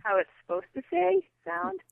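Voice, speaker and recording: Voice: extremely high pitch, sing-song, moderate pace, vocal fry, dry recording. A podcast co-host in casual chat, teasing playfully. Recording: tinny phone line.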